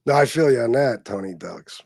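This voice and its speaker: A man's voice: medium pitch, expressive, fairly quick, creaky, darkish tone, dry recording, clean studio sound. A man hosting a casual livestream, talking bluntly and crudely and rambling with lots of fillers. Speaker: livestream host.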